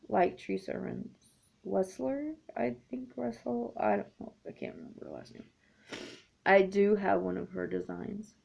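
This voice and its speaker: A woman's voice: medium pitch, gravelly, darkish tone. A woman in her thirties chatting casually to camera as a needlework vlogger, rambling with lots of ums. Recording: dull lo-fi home recording.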